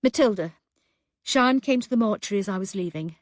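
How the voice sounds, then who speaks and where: A woman voicing a caring, weary pathologist who speaks gently and plainly. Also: medium pitch, expressive, a little fast, dry recording, clean studio sound, close to an everyday voice. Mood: gentle.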